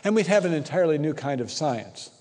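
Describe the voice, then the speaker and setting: A very animated man, slightly high-pitched, a bit fast, and darkish in tone, gives a conversational conference talk. Recorded in an echoey hall, he frequently tags his points by asking the audience "right?"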